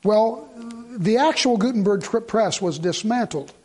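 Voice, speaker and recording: A man's voice: sits high, expressive, a little slow, darkish tone, slightly rough. A middle-aged man preaching a sermon, telling stories and building to fervent emphasis. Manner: storytelling, rising to fervent emphasis. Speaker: pastor.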